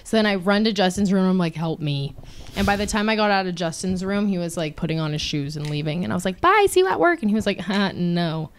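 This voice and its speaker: A young woman co-hosting a podcast, telling a story casually, animated and swearing freely. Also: on the low side, quick pace, a little hiss or hum. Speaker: podcast co-host.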